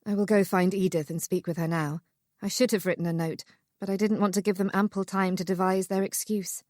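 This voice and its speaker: A woman voicing a proper, practical married older sister who speaks briskly, in an audiobook. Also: medium pitch, level tone, a little mellow, no echo, clean studio sound, close to an everyday voice.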